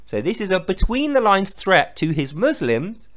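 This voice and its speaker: A man's voice: sits high, very animated, moderate pace, a bit bright. A man giving sarcastic, profane commentary on a scripture reading. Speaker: host.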